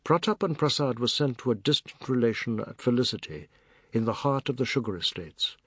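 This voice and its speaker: Man narrating an audiobook, steady and measured, dry close mic, mid voice. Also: mid-range voice, husky, dry recording. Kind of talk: scripted literary narration.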